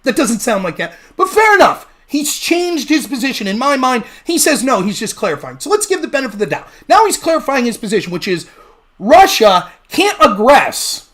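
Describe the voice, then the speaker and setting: A man's voice: extremely high pitch, sing-song, moderate pace, a bit bright. A man hosting a political livestream, ranting heatedly, swearing and sarcastically challenging chat viewers to call in. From United States. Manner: swears freely. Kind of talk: heated solo livestream rant.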